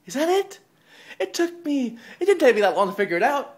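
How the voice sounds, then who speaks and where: Man, wrestling-style promo rant, taunting, profane, loud jeers and low mutters, lively pitch. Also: brisk, breathy edge. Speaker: online wrestling promo host.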